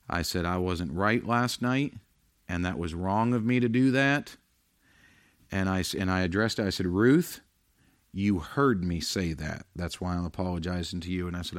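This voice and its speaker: A middle-aged man preaching a sermon as pastor, earnest and confessional, rising loud then dropping quiet. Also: deep voice, dry recording.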